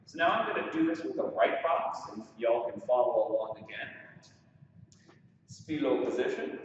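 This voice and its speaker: A man teaching waltz exercises counts the beats aloud while dancing and cheers on the viewers following along. He speaks at medium pitch and moderate pace with lively intonation. Recorded in an echoey studio with large windows, far from the mic, the audio is dull with slight background noise.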